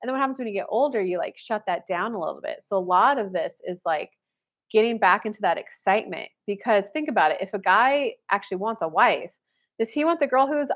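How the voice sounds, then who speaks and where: A woman's voice: mid-range voice, lively intonation, quick pace. Chatty woman host, casual and blunt. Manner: chatty, heavy "like" fillers, blunt with casual swearing. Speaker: spiritual dating coach. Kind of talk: casual live-stream chat answering viewers.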